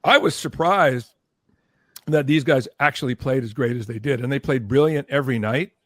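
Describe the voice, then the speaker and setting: An older man, a podcast guest and former record executive, telling an animated story in conversation, acting out what others said and checking in with "okay?". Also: mid-range voice, moderate pace, dry recording. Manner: animated, acts out quoted voices, keeps checking in with "okay?".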